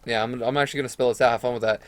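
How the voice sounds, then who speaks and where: A man's voice: medium pitch, very fast, dry recording. Young man, casual storytime vlogger, rambling and crude, dry close mic. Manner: rambling, profane, animated retelling with quoted voices.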